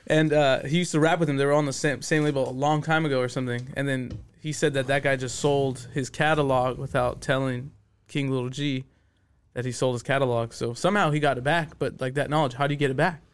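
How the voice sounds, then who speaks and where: A man's voice: medium pitch, steady tone, fast talker, smooth. A man co-hosting a podcast, talking casually and asking thoughtful questions. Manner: thoughtful, asks questions about past episodes. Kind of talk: casual chat.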